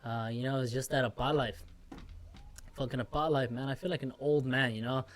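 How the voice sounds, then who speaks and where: A young man with an everyday mid-pitched voice rambles through a solo podcast episode. He swears freely and mocks himself as he goes. He is recording in a small office room. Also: fairly even intonation, fairly quick. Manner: rambling, profane, self-mocking. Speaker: podcast host. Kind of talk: casual solo rant. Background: music playing softly.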